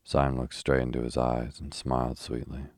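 A man reading a classic novel aloud in a slow, even, rhythmic bedtime style. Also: rumbling low, dry recording, studio quality. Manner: even, measured delivery. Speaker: audiobook narrator.

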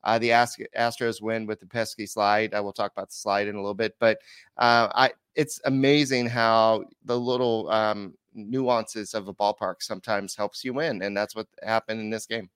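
A man with a low, smooth voice talking his way through numbers on a sports podcast, stopping often to say "uh" and start over. The recording is dry and close, with no room behind him. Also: steady tone, moderate pace, fairly bright tone, no room sound. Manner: rambling, filler-heavy stat talk. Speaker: podcast host. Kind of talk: casual sports podcast chat.

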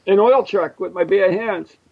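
A man's voice: sits high, measured pace, vocal fry, muffled recording. An American man hosting a radio show, joking and rambling with plenty of fillers and restarts. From United States. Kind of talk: casual radio show chat.

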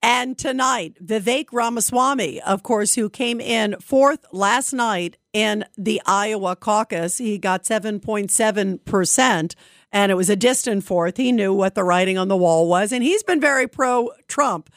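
A woman's voice: medium pitch, measured pace, dry recording, clean studio sound. A woman hosting a talk radio show, delivering an opinionated monologue in an emphatic, indignant way with rhetorical questions.

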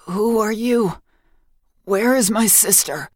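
A woman's voice: mid-range voice, slow pace, darkish tone, dry recording, pitched above the performer's own voice. A fretful young warrior, wounded and anxious, as a woman reads him in an audiobook. His voice comes out strained and worried in a dry, close recording. He sounds like he is fighting to keep his fear in check. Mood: frightened.

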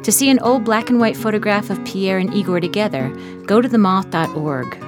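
A woman hosting a radio show, briskly reading a scripted introduction. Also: mid-range voice. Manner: brisk, announcing. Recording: loud music and crowd behind.

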